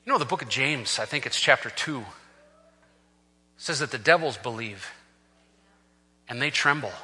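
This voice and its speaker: Husky, bright-voiced preacher man in a hall. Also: medium pitch, expressive, moderate pace. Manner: impassioned, swings from hushed to shouting. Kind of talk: sermon. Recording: long reverb of a large hall.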